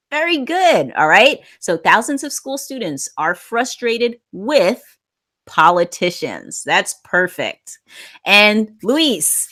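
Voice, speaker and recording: Slow, lively-voiced woman English teacher. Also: medium pitch. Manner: patient, encouraging, corrects gently. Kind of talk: live online class, reading student sentences.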